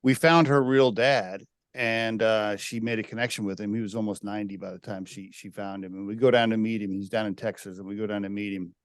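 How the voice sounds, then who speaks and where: A man in his forties hosting a casual podcast interview, chatty and quick to laugh, fond of telling anecdotes. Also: fairly low pitch, steady tone, no room sound, clean studio sound. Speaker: podcast host.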